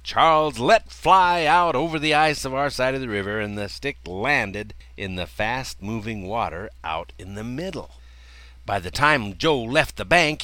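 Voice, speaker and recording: An older man telling a personal childhood story in a folksy way, chuckling often as he talks. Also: dry recording. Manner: folksy, chuckling often, lively swings in pitch.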